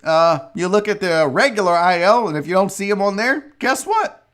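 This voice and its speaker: A man hosting a loose, joking sports talk show. His voice sits high for a man and lands in quick asides. He drops into an exaggerated Southern drawl for a laugh now and then. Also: expressive. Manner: loose, joking, reads chat messages aloud; slips into a put-on Southern gentleman drawl. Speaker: sports radio host. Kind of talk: live sports talk show, casual chat.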